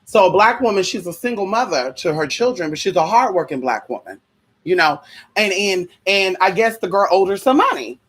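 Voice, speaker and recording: A woman's voice: mid-range voice, expressive, brisk, husky. A woman ranting to her viewers in a heated, profane, sassy way, repeating rhetorical questions. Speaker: vlogger.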